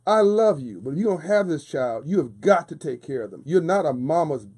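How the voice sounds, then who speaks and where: Man on a radio show, passionate preachy cadence, kinda high pitched, warm dark sound. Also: expressive, fairly quick, slightly rough. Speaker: radio guest, author. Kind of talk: casual radio interview talk. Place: radio studio.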